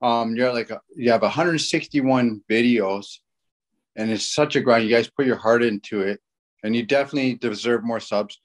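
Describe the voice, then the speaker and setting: A laid-back Canadian man in his forties, a guest on a podcast. He rambles and jokes at an easy pace. His voice sits at a plain middle pitch. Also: moderate pace. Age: 40s. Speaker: podcast guest, fishing guide. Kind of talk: casual chat.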